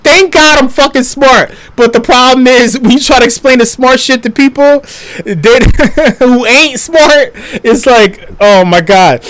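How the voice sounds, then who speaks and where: A man's voice: very high-pitched, measured pace, a bit bright. A young adult man telling a story on a live stream, swearing freely, stammering through restarts and laughing as he talks.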